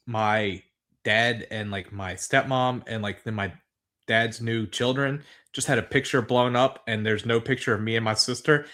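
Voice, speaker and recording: Man, podcast co-host, average pitch, rambling casual recap, swears a lot. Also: a bit bright. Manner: rambling, swears freely, laughs at absurd moments.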